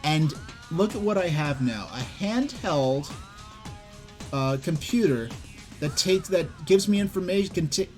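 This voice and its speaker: A man reading an old comic aloud on a stream, with rambling, hesitant asides. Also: high voice. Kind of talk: casual commentary and reading aloud. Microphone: desk mic at computer.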